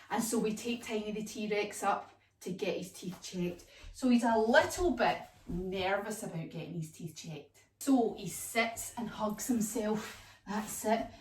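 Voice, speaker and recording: Animated woman leading kids' yoga. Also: mid-range voice. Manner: animated, sing-song, sound effects. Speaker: children's yoga teacher. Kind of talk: storytelling kids' yoga lesson. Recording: echoey room, voice from far off.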